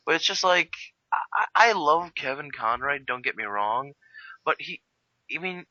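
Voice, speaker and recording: A man co-hosting a casual game review chat, excitable and quick to act out what others say. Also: medium pitch, dry recording, dull audio. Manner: excitable, acts out quotes in a raised voice. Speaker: co-host of a game review discussion.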